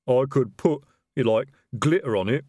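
A man voicing a slow, dim-witted male troll bodyguard who rumbles his words and speaks in earnest, broken grammar. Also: lively intonation, mellow, no echo, clean studio sound, lightly acted. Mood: plodding. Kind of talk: audiobook character voice.

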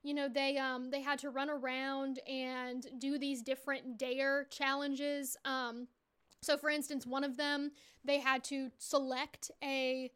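A chatty woman co-host recaps a dating show with a lilt. Her voice sits high and bright, and she tells the story in an animated, easygoing way. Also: a little slow. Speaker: podcast co-host. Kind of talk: casual recap chat.

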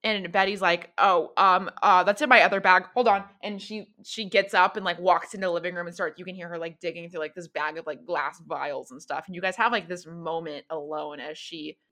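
A woman's voice: fairly low pitch, fairly even intonation, fairly quick, few pauses, a bit bright. A woman running a tabletop horror game as game master, narrating in a casual, rambling way with many fillers. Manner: casual, filler-heavy storytelling.

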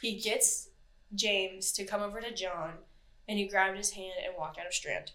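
A woman's voice: medium pitch, steady tone, moderate pace, bright, forceful tone. A woman co-hosting a podcast, telling a true crime story in casual, chatty talk, swearing freely and acting out what people said. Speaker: podcast co-host.

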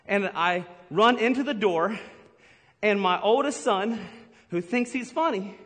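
Middle-aged preacher guy, high voice, lively and jokey, big echoey church hall. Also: unhurried. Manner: animated, laughs often, acts out stories. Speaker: pastor. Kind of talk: lively sermon with humorous stories.

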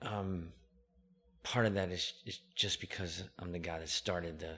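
A man in his fifties with a bright, slightly tense voice, chatting as a podcast guest. He rambles humbly and fills pauses with "um" and "right?". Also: low voice, steady tone, slight background noise. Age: 50s. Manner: humble, rambling, many fillers. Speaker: podcast guest, company founder. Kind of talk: casual interview chat.

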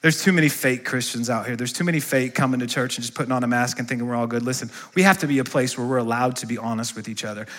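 A man's voice: medium pitch, racing, hardly any pauses, fairly bright tone. A male pastor preaching a sermon in a church, asking the congregation questions and calling for responses. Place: church sanctuary.

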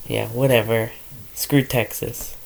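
A man's voice: medium pitch, little pitch movement, creaky, darkish tone. Rambling, joking guy. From Canada. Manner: rambling, joking, swears freely, breaks into quick imitations. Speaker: podcast co-host. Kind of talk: casual chat.

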